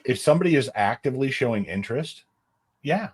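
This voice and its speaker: A man's voice: medium pitch, expressive, fast talker, breathy edge. A man co-hosting a podcast, chatting casually and agreeably. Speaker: podcast co-host.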